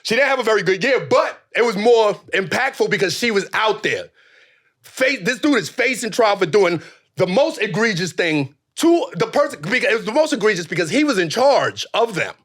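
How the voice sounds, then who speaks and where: Man, podcast host, casual comedy talk, high voice, big pitch swings, profane joking rants. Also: very animated, normal speed, a bit bright.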